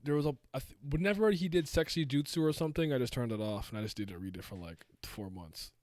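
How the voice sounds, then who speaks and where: A man's voice: mid-range voice, fast, a little mellow, no room sound, studio quality. Young man rambling in casual chat. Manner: rambling, many restarts and "like". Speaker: podcast host. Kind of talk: casual chat about manga.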